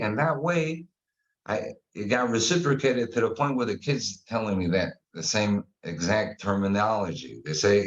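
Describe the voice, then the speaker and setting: Man, animated storyteller, casual guest chat, muffled sound. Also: lowish voice, normal speed. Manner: animated storyteller, acts out quotes. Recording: dull lo-fi sound.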